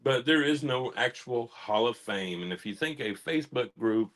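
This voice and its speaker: A man's voice: medium pitch, moderate pace, fairly bright tone. Sarcastic male commentary host. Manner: mocking and sarcastic. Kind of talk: casual commentary chat.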